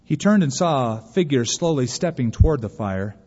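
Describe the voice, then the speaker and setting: A man's voice: mid-range voice, expressive, normal speed, few pauses, a little mellow, breathy edge. A man preaching a sermon and reading a story aloud, earnest and emphatic, pleading at times. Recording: dull recording with long hall reverb.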